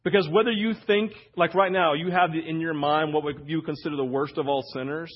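Male pastor, easygoing sermon voice, slightly high, asks "right?" often; dull muffled recording. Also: steady tone, brisk. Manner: conversational preaching, frequent "right?" asides. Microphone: wireless church mic.

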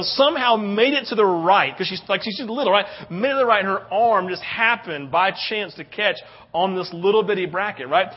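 A man's voice: high voice, highs cut off. A man in his thirties preaching a sermon, telling a story animatedly and often asking "right?". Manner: animated storytelling, tag questions. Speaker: pastor.

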